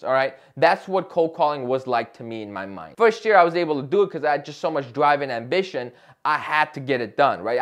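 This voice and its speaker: A young man talking straight to camera in an advice vlog, passionate and emphatic, often checking in with "right?". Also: fairly high pitch. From Chicago area. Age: young adult. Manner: passionate, emphatic, talks loudly with frequent "right?". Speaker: real estate agent and vlogger.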